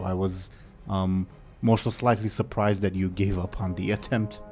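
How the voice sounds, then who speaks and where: A man's voice: sits low, flat delivery, moderate pace, darkish tone, soft background music. A man acting as game master in a tabletop role-playing game, with a playful, easygoing manner.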